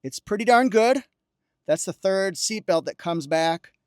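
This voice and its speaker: A man's voice: sits high, expressive, a little slow, darkish tone, clean tone, no echo, clean studio sound. A man doing an upbeat car walkaround review, pointing out features with playful asides and joking song quotes. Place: car dealership lot and car interior.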